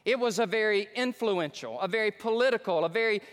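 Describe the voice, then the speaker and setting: Man pastor, high voice, folksy excitable sermon, long reverb of a big church. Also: brisk. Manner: folksy, excitable preaching with repeated restarts. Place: large church sanctuary.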